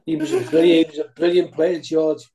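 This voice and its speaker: A man's voice: fairly high pitch, steady tone, brisk, crowd noise. A man co-hosting a podcast who rambles through his memories in casual chat. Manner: rambling reminiscence. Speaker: podcast co-host.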